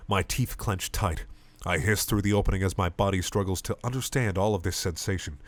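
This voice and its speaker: A man reading a comedic parody story aloud with lively comic narration. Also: sits low, brisk, no room sound. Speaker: reader.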